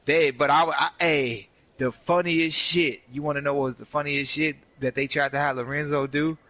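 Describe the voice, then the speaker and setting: A young man streaming a game tells a work story in a slightly high voice at a moderate pace, full of profanity and slang. He's animated and acts out what people said, and the recording is rough.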